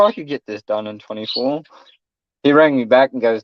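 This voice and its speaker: A man's voice: fairly low pitch, brisk, no echo. Blunt Australian man, dull dry sound. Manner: blunt, swearing, acts out quotes loudly. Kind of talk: casual chat, storytelling.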